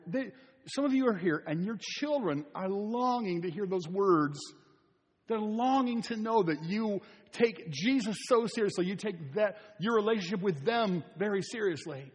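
A man's voice: high voice, lively intonation, normal speed, husky, in a large hall. An older man, a pastor, preaching a sermon in an earnest, pleading way, repeating his phrases for emphasis. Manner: earnest, repetitive, pleading delivery. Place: church sanctuary.

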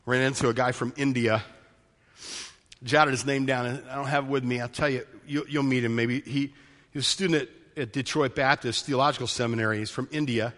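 A man preaching a sermon as pastor, passionate, swinging between loud pleading and quiet storytelling, in a church sanctuary. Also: medium pitch, fairly even intonation, a little fast, in a large hall.

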